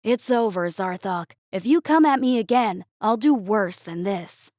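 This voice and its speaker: A woman voicing a determined young male human student who speaks low and steady. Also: a little slow, dry recording, clean studio sound, lightly acted. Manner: low, steady, through gritted teeth.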